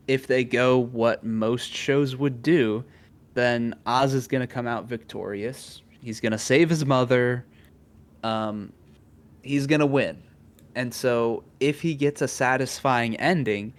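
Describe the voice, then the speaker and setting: Young guy on a podcast, thinking out loud, lots of ums and likes, middle pitch. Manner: thoughtful, many fillers and restarts. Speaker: podcast co-host. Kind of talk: casual chat.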